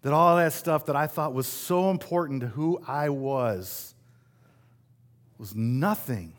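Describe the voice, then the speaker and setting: A man's voice: a little high, expressive, takes it slowly. A middle-aged man from West Michigan preaching a sermon in a conversational, self-deprecating way, asking the congregation rhetorical questions. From West Michigan, USA. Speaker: pastor.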